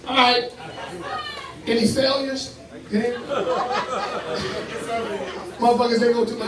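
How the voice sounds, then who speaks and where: High-voiced D.C. man hosting a rowdy crowd. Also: steady tone, moderate pace, pauses often, far from the mic, loud music behind the voice. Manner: loud, teasing, profane banter with laughter. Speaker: comedy show host running a crowd game. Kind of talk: live crowd-work hosting. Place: live event venue with an audience. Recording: echoey venue recorded from afar, loud crowd.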